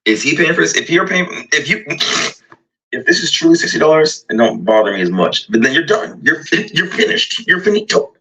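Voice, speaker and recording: A man's voice: on the high side, big pitch swings, brisk, bright, forceful tone, breathy edge, low-quality recording. A man ranting in a mocking, exasperated way about an overly large restaurant order. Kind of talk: casual reaction rant.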